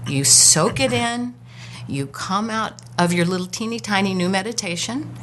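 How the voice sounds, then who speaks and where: Woman, chatty spiritual storyteller, mid-pitched, acts out the voices in her story. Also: moderate pace, fairly bright tone, a little hiss or hum. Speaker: guest co-host. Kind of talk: casual spiritual chat.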